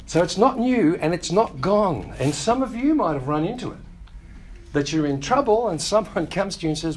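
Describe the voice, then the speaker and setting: A male pastor preaching a sermon, teaching in a conversational way with wry asides and quick acted-out quotes of other people. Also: sits high, animated, a little mellow.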